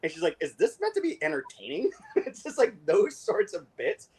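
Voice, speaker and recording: A man co-hosting a casual book discussion, talking with many fillers and restarts and reading passages aloud quickly. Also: sits high, huge pitch swings, darkish tone, husky. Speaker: podcast co-host.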